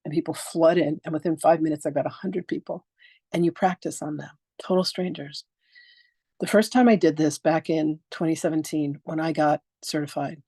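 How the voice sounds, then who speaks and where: A woman in her sixties teaches a live online masterclass on spiritual practice, telling stories with animation, acting out quoted exchanges, and speaking frankly and emphatically, sometimes swearing. Her voice is low and dark with a breathy edge, and there's no echo.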